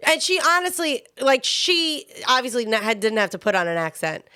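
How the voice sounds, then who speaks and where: A woman's voice: on the high side, big pitch swings, normal speed, sharp tone, clean tone. A young woman from Long Island with a nasal voice, co-hosting a casual podcast with joking chat. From Long Island, New York. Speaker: podcast co-host.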